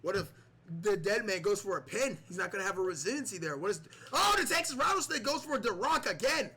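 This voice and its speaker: A man giving excited play-by-play commentary on a wrestling video game match, repeating the wrestlers' nicknames and yelling at the big moves. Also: high voice, fairly quick, breathy edge.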